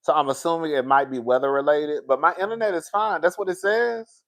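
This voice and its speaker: A man's voice: fairly high pitch, a little fast, a bit bright. A man hosting a casual livestream, exasperated and repeating himself as he talks to his viewers. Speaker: livestream host.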